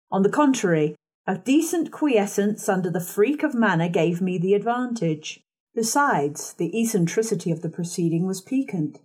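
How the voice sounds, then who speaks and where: A woman narrating a classic novel in the first person with a measured, composed reading. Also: mid-range voice, darkish tone, slightly rough. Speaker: audiobook narrator.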